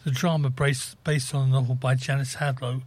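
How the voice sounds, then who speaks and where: A man co-presenting on community radio, reading the news and dryly grumbling about books in a deadpan way. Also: medium pitch, moderate pace. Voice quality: husky. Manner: dry, fussy, deadpan. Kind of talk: casual radio chat.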